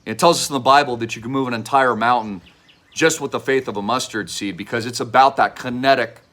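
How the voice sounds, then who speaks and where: A man delivering a fervent, preachy direct-to-camera investment pitch, repeating slogans and at times shouting them. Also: fairly quick. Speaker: online show host pitching an investment project.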